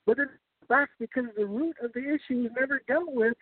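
A lively male preacher with a high voice leads a Bible study, speaking a little fast on a tinny, phone-like, dry recording with no echo. His sermon-style teaching moves step by step, often checking in with "right?"

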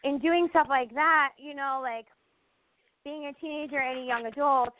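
Emphatic middle-aged woman, casual guest chat; slightly high voice, tinny dry line. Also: steady tone, normal speed, no echo. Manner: emphatic storyteller, many "you know what I mean". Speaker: guest actress.

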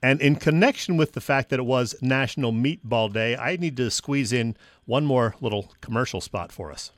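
A man co-hosting a casual sports radio chat, relaxed and jokey as he tells stories. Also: mid-range voice, normal speed, no room sound. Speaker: co-host.

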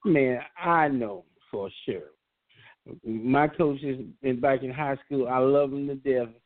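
A man's voice: mid-range voice, slow pace. A man in a casual sports podcast chat, telling stories in an earnest, stumbling way. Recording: phone-like line.

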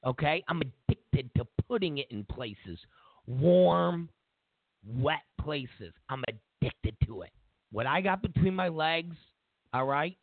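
A man's voice: fairly high pitch, expressive, slow pace, no echo, full character voice. A man voicing a cheating male politician who pleads his case in a wheedling, defensive way, close to his own voice. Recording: tinny phone-like line, dry.

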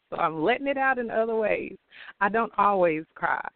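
A man giving a weekly astrology forecast, talking in an expressive, passionate way and laughing often. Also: high voice, normal speed, vocal fry, dry recording. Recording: tinny phone-like dry sound.

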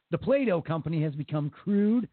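A man's voice: a little high, dry recording, phone-quality sound. A man hosting a radio talk show in casual, joking chat, often laughing and mocking.

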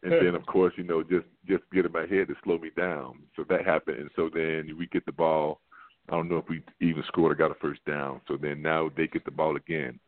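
A man, a former football player, tells a rambling, animated story as a guest on a sports show, filling it with "like" and restarts. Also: a bass voice, fairly quick. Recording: tinny phone line.

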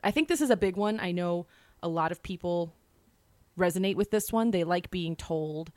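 A woman's voice: on the low side, moderate pace, a little mellow, dry recording. A woman co-hosting a podcast in casual chat, talking in a chatty, rambling way. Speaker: podcast co-host.

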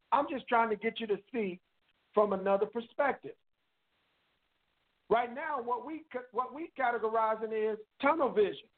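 A man calls in to a radio talk show and makes his point in an earnest, preachy way, returning again and again to the same catchphrase. His voice is very high for a man. It comes through a tinny phone line. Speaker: caller and guest. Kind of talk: casual call-in radio talk.

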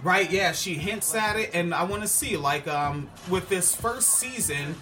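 A man's voice: high-pitched, measured pace, pushed and bright. A man hosting a casual podcast show review, talking animatedly and with profanity, often acting out quoted lines. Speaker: podcast host.

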